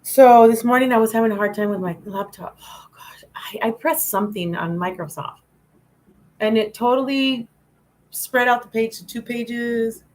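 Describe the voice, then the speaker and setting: A woman's voice: a little high, normal speed, darkish tone, poor audio. A woman hosting a casual spiritual livestream, rambling and repeating phrases, often laughing. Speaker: livestream host.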